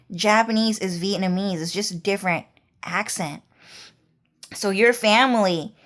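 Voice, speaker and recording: A woman talking in a rambling, repetitive monologue, casual and peppered with swearing. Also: mid-range voice. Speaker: vlogger.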